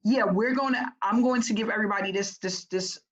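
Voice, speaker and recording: A woman business coach talking to her group in a casual, energetic way, often checking in with "right?". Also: medium pitch, a little fast, highs cut off.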